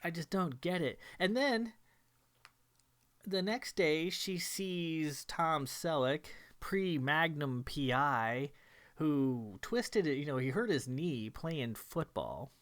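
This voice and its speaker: A man's voice: on the high side, expressive, slow, a bit bright. A man unhurriedly walking through the story of an old thriller, tossing in dry jokes along the way. He takes his time and lingers over his words. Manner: wry, joking retelling of a plot. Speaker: film commentator. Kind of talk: casual movie commentary.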